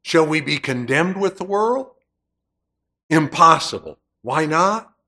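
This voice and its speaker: A man preaching a sermon, slow and deliberate, with emphatic swells on key words. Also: fairly high pitch, expressive, sharp tone.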